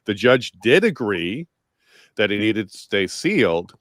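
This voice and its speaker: A man with a very deep voice hosts an interview show, recorded dry and close. He talks earnestly, steering the discussion and working through quotes with his guest. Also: big pitch swings, a little slow, a bit bright, no room sound. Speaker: host.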